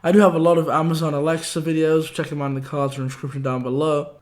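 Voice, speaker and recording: A young man with a hoarse voice hosting a casual tech tips vlog, breezy and slangy in quick-fire delivery. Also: on the high side, level tone, a little mellow. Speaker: tech video host.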